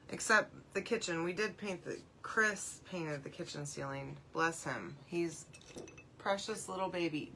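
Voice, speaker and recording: A woman, hosting a live crafting demo and chatting along as she works, often checking in with a quick "okay?". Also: fairly low pitch, pushed and bright, a little hiss or hum. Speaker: craft livestream host.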